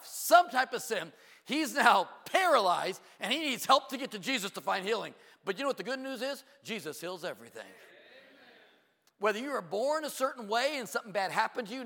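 A middle-aged male pastor preaching with a lively, swooping high voice that turns gravelly in places. He throws out rhetorical questions and quick asides, then drops low for emphasis. The sound carries the long reverb of a church hall. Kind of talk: sermon. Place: church sanctuary.

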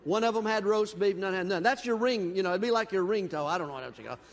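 A man preaches in a church sanctuary, his voice sitting very high for a man. He tells folksy, self-deprecating stories before turning to scripture. The sound trails off in a long hall reverb. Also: quick pace. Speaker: pastor. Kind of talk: sermon with personal story.

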